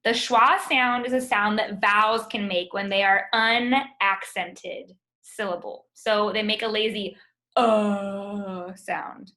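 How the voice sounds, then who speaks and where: Bright-voiced teacher drawing out words. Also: female voice, medium pitch, steady tone. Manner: patient, drawn-out sounding of words. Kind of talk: online phonics lesson. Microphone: video call.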